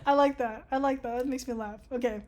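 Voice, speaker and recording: Woman, young adult, fairly high voice, sarcastic, profane, casual quiz commentary. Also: moderate pace. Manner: sarcastic, swears a lot, laughs often. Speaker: vlogger taking an online quiz.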